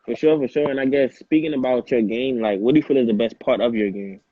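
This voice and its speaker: A man's voice: medium pitch, fast, breathy edge, no echo. A man interviewing a young athlete, asking questions casually and saying "like" and "for sure" a lot. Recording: dry, phone-like line.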